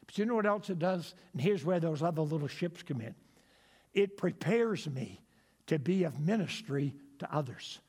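A man's voice: fairly high pitch, expressive, moderate pace, darkish tone, husky, long reverb tail. A man preaching a sermon, emphatic and repetitive, asking his listeners rhetorical questions.

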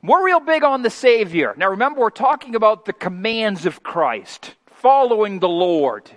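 Fifties guy preaching in a church, high voice, folksy, goes quiet then loud, big reverb. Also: very animated, normal speed. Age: 50s. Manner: folksy, homespun asides. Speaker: pastor. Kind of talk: sermon. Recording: long hall reverb.

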